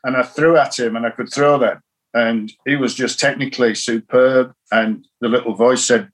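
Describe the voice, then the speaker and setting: An older man from England, a cricket coach telling a lively story in an interview, acting out the lines he quotes. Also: mid-range voice, normal speed. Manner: anecdotal, animated, acts out quoted lines.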